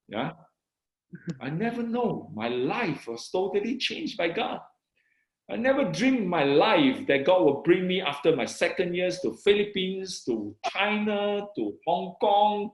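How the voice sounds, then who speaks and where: A middle-aged man from Malaysia tells his life story with lively, swinging pitch and a slightly high voice. He repeats small phrases and slows right down to read scripture with emphasis. The room around him is echoey. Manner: excited, repeats "I said" and "you know", reads scripture with slow emphasis. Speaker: guest sharing his testimony. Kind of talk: animated personal testimony.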